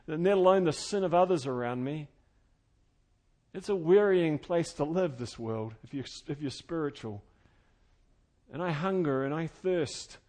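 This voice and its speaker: A man preaching an expository sermon, earnest and conversational, swinging between loud fervent emphasis and quiet intimate tones. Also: fairly high pitch. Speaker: pastor.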